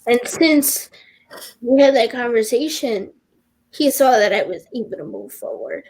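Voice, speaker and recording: A woman's voice: a little high, lively intonation, a little mellow. A teenage girl talking as a podcast guest, earnest and openly emotional, often stopping and restarting her sentences. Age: teens. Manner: earnest, halting, with many restarts. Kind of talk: personal podcast conversation.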